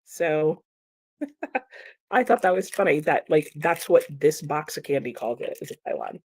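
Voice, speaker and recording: A woman's voice: sits low, very animated, measured pace, slightly rough. A young woman chatting casually on a livestream, reading viewer comments aloud and laughing often. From United States. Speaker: streamer and book vlogger.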